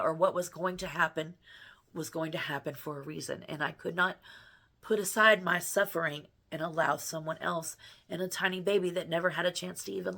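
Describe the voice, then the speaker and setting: A woman's voice: lowish voice, vocal fry, a bit bright. A middle-aged woman vlogging from home, telling a personal story in an earnest, rambling way with many restarts. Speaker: spiritual vlogger and healer.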